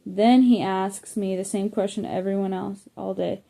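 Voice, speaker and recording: A woman's voice: mid-range voice, steady tone, moderate pace, gravelly, mellow. A woman narrating a first-person middle-grade audiobook, reading plainly with occasional slips and self-corrections. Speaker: audiobook reader.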